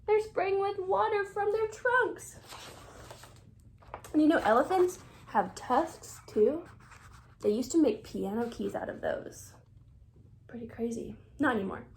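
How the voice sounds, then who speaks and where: Woman reading a kids' picture book aloud, high voice, very lively, whispered asides. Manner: animated, with whispered asides to children. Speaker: reader.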